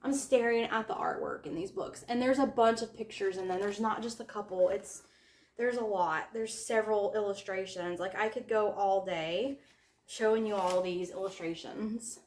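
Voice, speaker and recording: A woman chatting excitedly as a book vlogger, gushing with drawn-out exclamations. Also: medium pitch, echoey room, slight background noise. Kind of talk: casual vlog chat.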